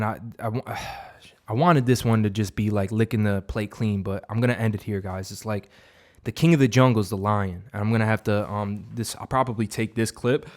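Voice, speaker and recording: A young man with a fairly low voice delivers an unscripted motivational monologue as a vlogger. He swears and rambles, with lots of fillers and false starts.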